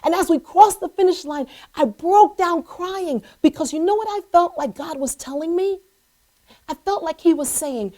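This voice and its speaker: A woman's voice: very high voice, moderate pace. A middle-aged woman hosting a show, telling an inspirational personal story and acting out the voices of the people in it. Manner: animated, acts out voices in her story. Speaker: host.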